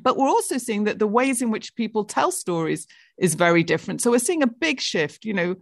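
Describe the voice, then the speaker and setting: A British woman talking up her company's plans in a bright, polished executive manner. Her voice sits mid-range, recorded dry and close. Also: medium pitch, sing-song, a little fast, creaky, no room sound. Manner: upbeat, polished business talk. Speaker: tech executive guest. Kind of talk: interview answers.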